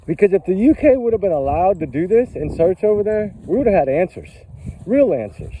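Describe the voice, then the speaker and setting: A man rambles through a casual commentary vlog with an impassioned edge, piling one question on top of another. His voice is deep and very mellow, yet his pitch rises and falls in a lively way. He sounds set back from the microphone. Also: a little fast, recorded from a distance, rough recording. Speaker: vlogger.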